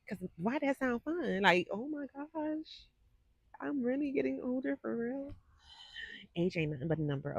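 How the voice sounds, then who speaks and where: A woman's voice: lowish voice, a little mellow, breathy edge, no echo. A woman in her forties hosting a psychic livestream, chatting sassily and talking straight to her viewers. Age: 40s. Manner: chatty, sassy, talks to viewers directly. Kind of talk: casual livestream chat. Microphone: desk microphone.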